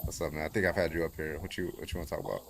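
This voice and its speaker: A man hosting a casual livestream debate, relaxed and halting, with frequent restarts. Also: extremely low pitch, creaky. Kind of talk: casual live-stream debate chat.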